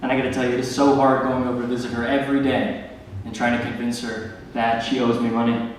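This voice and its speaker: A young man doing a stand-up comedy set, delivering awkward deadpan one-liners full of filler words. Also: medium pitch, quick pace. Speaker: stand-up comic. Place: large hall with live audience. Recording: echoey hall, distant mic, loud noise.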